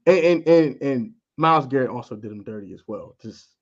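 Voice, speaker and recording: A man doing animated sports banter, mocking players in a theatrical way, his loudness swinging from quiet to loud. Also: mid-range voice, brisk. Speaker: co-host. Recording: dull lo-fi audio.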